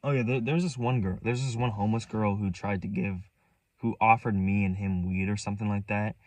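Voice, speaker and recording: A man's voice: fairly low pitch, steady tone, brisk, dry recording, recorded from a distance. A young man rambling through a story from his own life, restarting and repeating himself, set back from the mic. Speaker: vlogger. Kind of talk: casual storytelling.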